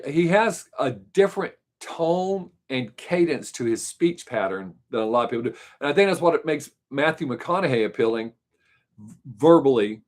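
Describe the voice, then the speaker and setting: A man hosts a casual live stream, musing and rambling while answering viewer questions. His voice sits at an ordinary middle pitch, and he jokes easily as he talks.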